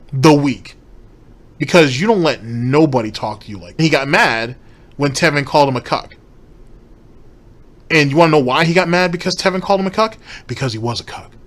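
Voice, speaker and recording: A man's voice: medium pitch, a bit bright. A man giving blunt, profane reaction commentary, driving points home with repetition.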